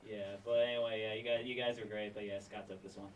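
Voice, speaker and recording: A man judging a roast battle who ribs the host in a low-key, mumbly way. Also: level tone, quick pace, highs cut off. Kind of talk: comedy panel judging. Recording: distant mic in a noisy club.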